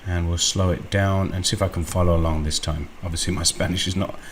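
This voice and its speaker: A man hosting a screen-recorded software walkthrough, unhurried and thinking aloud with frequent ums. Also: low-pitched, fairly even intonation, a little hiss or hum. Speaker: tutorial host.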